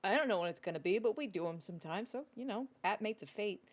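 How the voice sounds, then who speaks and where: A woman's voice: mid-range voice, lively intonation, fast talker, hardly any pauses. A woman hosting a tabletop game stream from her home office, chatting casually over a video call and joking.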